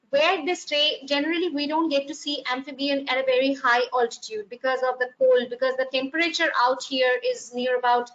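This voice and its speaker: A woman's voice: sits high, a bit bright. A woman giving an unscripted wildlife slide talk, hesitant with many fillers and restarts. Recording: muffled, lo-fi online talk audio.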